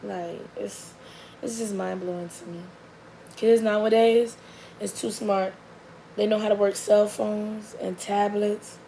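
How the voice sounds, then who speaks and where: A young woman chats to the camera about her child in a loose, rambling way. Her voice has a gravelly edge. There is a faint hiss behind her, and she often drops into a low, soft murmur. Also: takes it slowly, low-quality recording. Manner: rambling and animated, with many likes and restarts. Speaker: mother telling a story about her daughter. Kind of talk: casual storytelling to the camera.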